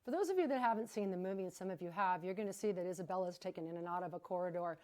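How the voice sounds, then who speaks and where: A woman hosting a live charity broadcast, talking without notes in an emphatic, chatty, energetic way. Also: lowish voice, very fast. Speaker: fundraising gala host. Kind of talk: live-broadcast fundraising appeal.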